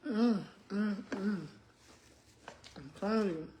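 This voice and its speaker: A woman's voice: medium pitch, slow, mellow, slight background noise. Chatty woman in her sixties. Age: 60s. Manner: chatty, addresses viewers as y'all, hums and murmurs while chewing. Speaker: retired school principal. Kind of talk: casual chat while eating on camera.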